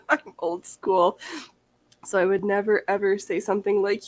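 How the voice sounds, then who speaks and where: A woman's voice: mid-range voice, lively intonation, measured pace, slight background noise. A woman hosting a casual chat, laughing often and slipping into playful mock voices. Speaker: host. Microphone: on-camera mic.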